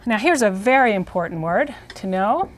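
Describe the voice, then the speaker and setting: A woman leads a pronunciation lesson with a calm, mid-range voice. She slows down to model each Spanish word and says it several times so learners can copy it. Her delivery is clear and methodical. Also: mid-range voice, a little hiss or hum. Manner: slow, careful modeling of Spanish words, repeated for practice. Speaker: Spanish teacher. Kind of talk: instructional video lesson.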